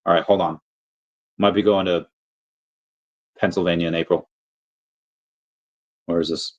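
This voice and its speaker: A man's voice: sits low, fairly even intonation, measured pace, pauses often. A man hosting a casual livestream, rambling and chatting with viewers, full of fillers and restarts. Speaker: livestream host. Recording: dull lo-fi audio.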